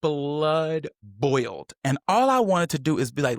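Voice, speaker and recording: A man hosting a podcast, telling a personal story in candid chat and acting out the people he quotes with sudden high voices. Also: measured pace, no room sound, clean studio sound. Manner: animated, swings into high mocking voices when quoting. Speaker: podcast host.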